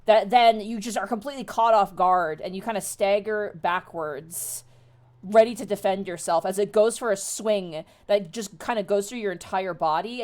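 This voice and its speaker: A woman's voice: medium pitch, a little mellow. A woman running a tabletop game as dungeon master, narrating scenes vividly on a live stream.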